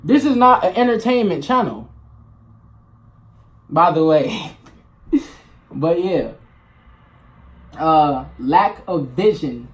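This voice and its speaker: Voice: medium pitch, animated, slow pace, pauses often. A vlogger talking to camera in a loose, rambling, blunt and profane monologue. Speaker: spiritual vlogger. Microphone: camera mic. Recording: echoey room.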